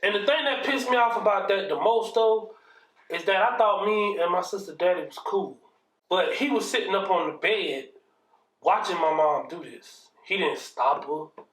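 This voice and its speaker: A man with a high, somewhat bright voice casually recounts a childhood story at a moderate pace, rambling and swearing and often asking "you know what I mean." The mic sits back from him, giving the sound a roomy echo from a distance.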